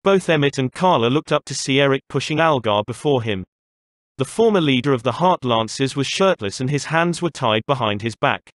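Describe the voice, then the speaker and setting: A man narrating a fantasy novel in a steady storytelling manner. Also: medium pitch, no echo, clean studio sound. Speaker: audiobook narrator.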